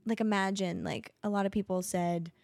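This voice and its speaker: A woman's voice: medium pitch, steady tone, moderate pace, vocal fry, darkish tone, no room sound. A woman co-hosting a casual podcast from home, a mother who rambles with lots of fillers and laughs often. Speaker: podcast co-host. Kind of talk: casual chat. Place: home, children nearby.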